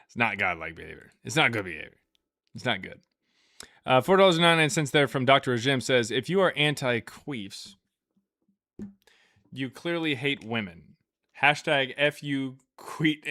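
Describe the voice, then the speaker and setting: A man's voice: medium pitch, pushed and bright, dry recording, clean studio sound. A man hosting a livestream, telling rambling jokey stories and reading out viewer super chats. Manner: joking, rambling storytelling with laughs. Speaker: livestream host. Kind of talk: casual livestream chat.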